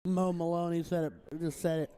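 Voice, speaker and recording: A man's voice: fairly high pitch, steady tone, normal speed, dark tone, clear, resonant tone, no room sound. A man co-commentating live on darts in an easygoing, bantering way.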